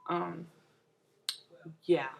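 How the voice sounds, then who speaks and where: Young mom vlogger, from New York, rambling chat, low gravelly voice. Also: female voice, fairly even intonation, extremely slow, slight background noise, low-quality recording. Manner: rambling, full of fillers and restarts. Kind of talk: casual chat to camera.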